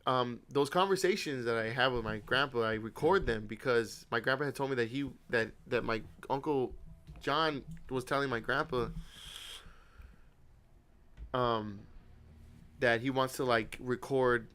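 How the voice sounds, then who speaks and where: A man's voice: mid-range voice, a little slow, fairly bright tone, clean tone. A young man hosting a podcast, telling a family story in casual chat, laughing, swearing and acting out what people said. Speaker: podcast host.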